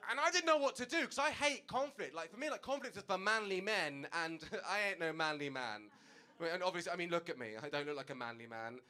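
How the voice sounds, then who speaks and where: A young man doing a stand-up comedy set on stage, telling a story with animated delivery and acted-out dialogue. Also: high-pitched, fast. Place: comedy stage before an audience.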